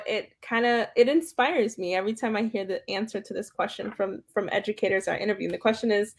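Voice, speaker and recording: A young woman hosting an interview, friendly and affirming, often backing up her guest. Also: medium pitch. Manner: friendly, affirming, frequent backchannels. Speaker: interviewer, host. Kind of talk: conversational interview.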